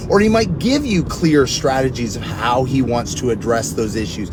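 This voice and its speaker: A middle-aged man teaching earnestly on prayer, preaching in a conversational way and telling personal stories. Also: normal speed. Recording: steady rumbling background noise.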